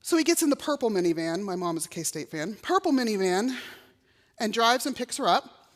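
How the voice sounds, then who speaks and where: A woman's voice: medium pitch, very animated, fairly quick. A middle-aged woman from Texas, giving a personal testimony in a chapel and acting out the voices she quotes. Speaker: chapel speaker. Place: college chapel. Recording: long reverb of a chapel hall.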